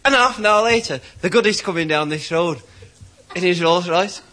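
Bright-voiced stand-up comic. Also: male voice, sits high, moderate pace. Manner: chatty, chuckles at his own jokes. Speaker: comedian. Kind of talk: stand-up joke telling.

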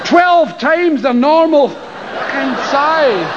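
A man's voice: very high voice, drawn-out words. Scottish stand-up guy, swears a lot, does little voices, crowd noise and hiss behind him. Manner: profane, animated, mimics voices and screams. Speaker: stand-up comedian. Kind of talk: stand-up comedy storytelling. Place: live comedy venue with an audience. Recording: lo-fi live show with crowd and noise.

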